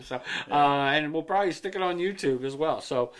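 A man's voice: mid-range voice, normal speed, hardly any pauses, fairly bright tone. A man hosting a casual podcast, rambling and joking with crude language. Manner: rambling, joking, profane storyteller. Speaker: podcast host.

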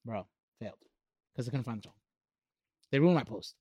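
A man's voice: medium pitch, animated, brisk, dark tone, slightly rough, no echo, highs cut off. A man co-hosting a podcast, chatting casually, joking and trash-talking about soccer. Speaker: podcast co-host. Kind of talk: casual chat.

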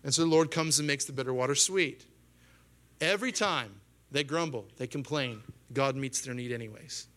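Animated and at a moderate pace, a thirty-something male pastor delivers his sermon, voicing quotations in a higher pitch. He keeps asking his listeners questions.

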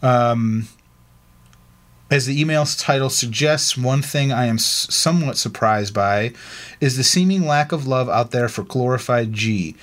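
A man's voice: mid-range voice, unhurried, fairly bright tone. A man co-hosting a casual podcast, laid-back and chatty, reading a listener's email aloud with asides and laughs. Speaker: podcast co-host.

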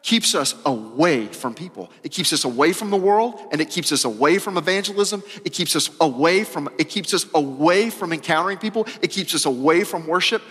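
Emphatic high-voiced male preacher, reverberant hall. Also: animated, brisk, few pauses, husky. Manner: emphatic, repeats phrases, swings between loud and soft; casual, uses "y'all" and slang. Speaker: pastor. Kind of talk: sermon.

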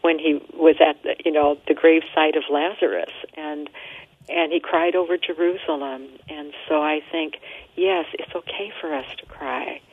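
A woman, a nun and hospice worker, speaking as a guest in an interview about grief and dying, gently and reflectively, often repeating words as she thinks. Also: deep voice, fairly even intonation, normal speed, dry recording. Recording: tinny phone line.

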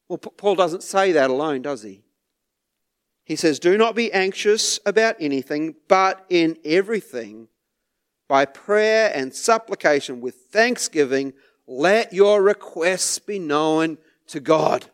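Slow, high-voiced male pastor preaching. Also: animated, clear, resonant tone. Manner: unhurried, with soft laughs and repeated words. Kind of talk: sermon.

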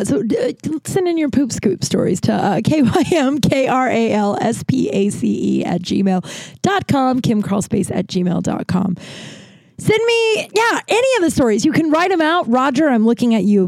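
A woman's voice: medium pitch, warm tone, no echo. A woman in her thirties hosting a podcast, telling a rambling casual story and often breaking into laughter. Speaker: podcast host.

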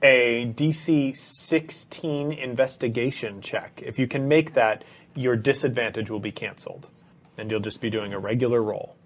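A man narrating combat as game master of a tabletop game, playful and relaxed. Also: mid-range voice, moderate pace.

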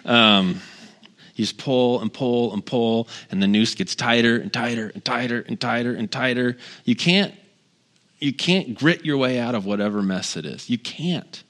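A man in his thirties preaches in a relaxed, conversational way, his voice sitting at an ordinary middle pitch. He leans on repetition to drive points home and turns to the congregation with friendly asides. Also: normal speed. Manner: earnest, repeats key phrases for emphasis; talks directly to the congregation with asides. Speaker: guest pastor. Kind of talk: conversational sermon.

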